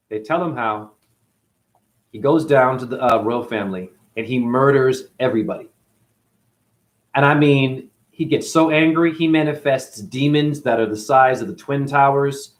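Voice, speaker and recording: A spiritual teacher retelling a story in a lively way and often asking his listeners questions. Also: medium pitch. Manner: lively, asks the audience questions. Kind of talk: animated storytelling talk.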